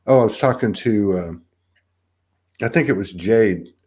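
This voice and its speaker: Rambling lower-voiced male host. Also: slow pace, a little mellow, husky. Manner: rambling, reflective, many restarts. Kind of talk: casual live online chat.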